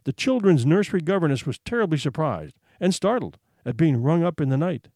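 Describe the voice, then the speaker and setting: A man reading a dramatic short story aloud, building suspense with expressive, hushed pauses. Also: on the high side, no room sound, studio quality. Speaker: narrator.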